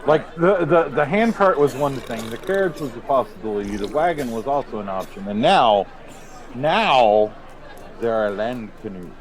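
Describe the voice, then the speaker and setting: A man playing a tabletop game, easygoing and thinking out loud. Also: mid-range voice, animated, normal speed, poor audio. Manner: easygoing, musing aloud. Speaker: player.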